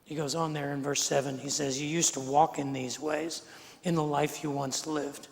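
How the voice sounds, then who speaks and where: High-voiced gravelly male pastor preaching. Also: little pitch movement, moderate pace. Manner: conversational preaching, repeats words, swings from quiet to emphatic. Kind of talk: sermon. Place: large church sanctuary. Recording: long hall reverb from the sanctuary.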